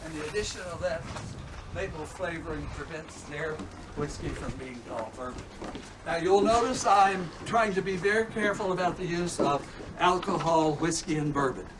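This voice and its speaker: In a distant, noisy recording, a man with a slightly high voice guides a group through a distillery's warehouse and tasting room at normal speed. He's folksy and chatty, often checking in with "okay?" and "all right?"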